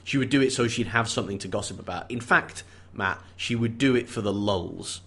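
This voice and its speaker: A man's voice: on the low side, a little fast, a bit bright, slightly rough. A man co-hosting a casual book chat, wry and joking with playful sarcasm. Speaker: podcast co-host. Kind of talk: casual chat about a mystery novel.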